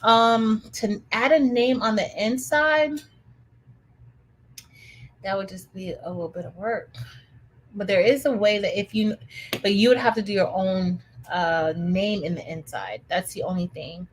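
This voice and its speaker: A woman's voice: mid-range voice, measured pace, poor audio. A woman, hosting a casual craft livestream, chatty and enthusiastic, full of fillers and restarts as she addresses her viewers.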